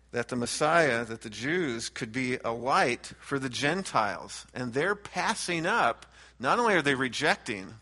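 A man preaching a verse-by-verse sermon as a pastor, earnest and animated, often restarting his phrases as he works through the text. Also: medium pitch. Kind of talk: expository sermon.

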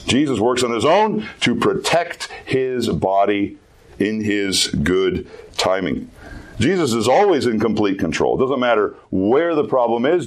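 Low-voiced man preaching earnestly. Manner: earnest, emphatic preaching with repeated phrases. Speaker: youth pastor. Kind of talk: sermon.

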